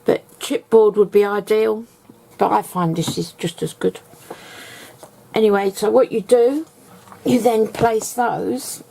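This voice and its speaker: A woman's voice: medium pitch, creaky, mellow, slight background noise. A woman giving a casual, rambling craft tutorial, explaining step by step at home.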